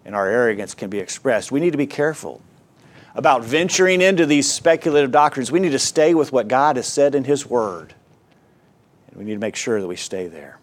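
A man preaching a sermon, earnest and exhorting, who reads scripture aloud in a measured cadence and swings between quiet, low passages and loud, rising emphasis. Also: expressive. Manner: earnest preaching with wide swings in pitch and volume.

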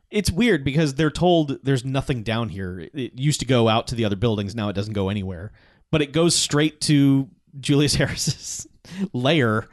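A man casually recapping a movie plot as a podcast co-host, telling it in animated bursts and laughing often. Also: medium pitch, no echo, clean studio sound.

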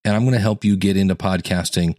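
Male podcast coach, lower voice, dry close mic, lively and conversational, acts out quotes. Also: fast, no room sound. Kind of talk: solo educational podcast monologue.

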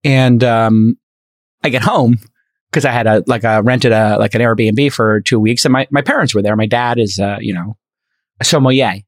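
A man's voice: medium pitch, moderate pace, dry recording, studio quality. A man hosting a podcast, telling a long casual anecdote with many fillers and restarts and voicing the people in it. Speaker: podcast host. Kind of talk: casual storytelling chat.

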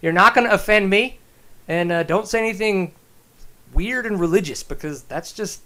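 A male podcast host with a slightly raised pitch, chatting in a loose, rambling way. He jokes around with his guests and keeps things informal. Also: normal speed, bright, forceful tone. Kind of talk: casual chat.

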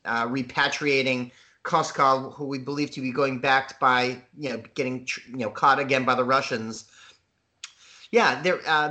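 A man co-hosting a casual film podcast, speaking in a measured way while searching for words. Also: medium pitch, pushed and bright. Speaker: podcast co-host.

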